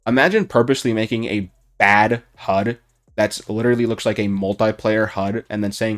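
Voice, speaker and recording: A young man giving unscripted commentary on a video game, heated and profane, with his voice rising toward shouting. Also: fairly low pitch, steady tone, moderate pace. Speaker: gaming YouTuber.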